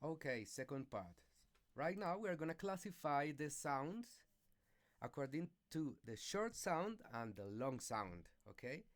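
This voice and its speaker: A man whose first language is Spanish, giving a slow, careful pronunciation lesson with many hesitations and checks of "okay". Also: a little high.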